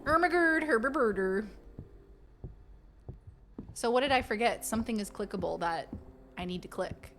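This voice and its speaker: A woman streaming a game and chatting casually with her viewers, playful and quick to slip into silly voices. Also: mid-range voice, creaky, background noise. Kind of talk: casual live-stream chat.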